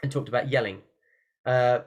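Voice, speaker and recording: A man at his computer, talking through a singing lesson in a relaxed, playful way. He jumps between plain explanation and short bursts of sung or shouted examples. His voice sits at an everyday middle pitch. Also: normal speed, highs cut off. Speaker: singing teacher. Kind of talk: online workshop talk. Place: room at a computer by a window.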